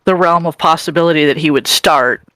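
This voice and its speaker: A woman's voice: deep voice, fairly quick, fairly bright tone, dry recording. A woman playing a tabletop game, musing unhurriedly about what others might do. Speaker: player. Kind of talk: casual tabletop play.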